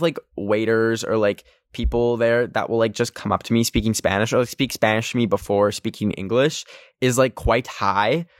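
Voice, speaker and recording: A man's voice: mid-range voice, dry recording, clean studio sound. A young man hosting a casual solo podcast, anxious and rambling, full of filler words. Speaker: podcast host.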